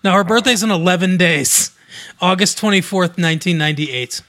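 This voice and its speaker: A man co-hosting a casual podcast. His voice is bright and sits a little high. He reads entertainment news aloud and drops in dry, amused asides. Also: normal speed. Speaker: podcast co-host.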